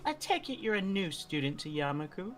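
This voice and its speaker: A poised young schoolgirl speaks with quiet, formal politeness, as a woman reads her lines. The voice sits low but moves with a lively lilt. Soft music plays faintly behind. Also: fairly quick. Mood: calm, formal. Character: elegant, composed young female student, formal and calm. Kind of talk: reading a visual novel role aloud.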